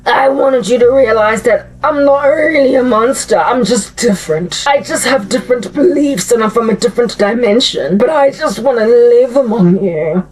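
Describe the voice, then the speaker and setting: A woman voicing a slimy male dream slasher who pretends to be friendly, speaking slowly in an oily, falsely gentle way. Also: on the high side, close to an everyday voice. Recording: distant mic with faint music.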